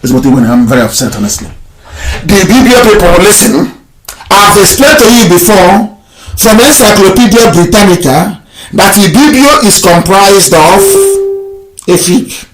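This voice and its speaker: A Nigerian man giving a fiery, mocking solo broadcast, laughing often and shouting insults. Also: high-pitched. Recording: echoey room with faint noise.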